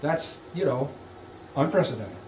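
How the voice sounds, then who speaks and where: A man's voice: medium pitch, big pitch swings, unhurried, a little mellow, slight background noise. A man giving a lunchtime law lecture, emphatic and full of rhetorical questions. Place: lecture room. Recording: echoey room, far from mic.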